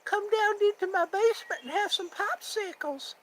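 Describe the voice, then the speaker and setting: A man's voice: extremely high pitch, normal speed, a bit bright, slight background noise, voice pushed up. A man voicing a creepy old male cartoon neighbor, coaxing and wheedling.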